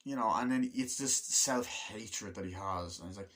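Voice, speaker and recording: A young man giving a casual spoken film review, rambling, swearing often and acting out scenes in quick quoted voices. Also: lowish voice, fairly bright tone. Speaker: movie reviewer.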